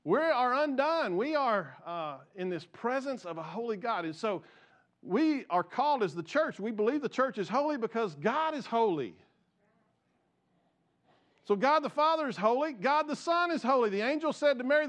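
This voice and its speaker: A man's voice: very high voice, sing-song, normal speed, a bit bright. A male pastor preaching a conversational, jokey sermon and asking his congregation questions.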